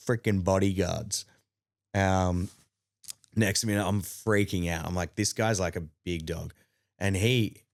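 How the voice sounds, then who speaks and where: A man with an Australian accent, a podcast guest telling a story in casual chat. He talks animatedly, jumps up in pitch to act out quotes and fills in with lots of ums. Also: dry recording, clean studio sound. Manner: animated, acts out quotes with rising pitch, many fillers.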